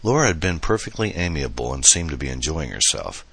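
A man reading an audiobook novel as narrator, in steady, measured storytelling. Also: very deep voice, gravelly, breathy edge, no echo. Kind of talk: scripted narration.

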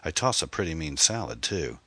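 A man voicing a charming, secretive man who talks smoothly and evades questions in an audiobook. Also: rumbling low, very animated, fairly quick, sharp tone, no room sound, heavily acted. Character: charming, secretive man showing off his house.

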